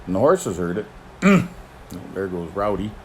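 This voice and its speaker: Folksy older man, lively pitch. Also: moderate pace, heavy background noise. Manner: folksy storyteller, chuckles, clears throat often. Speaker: host, horse teamster. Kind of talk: casual chat answering viewer questions.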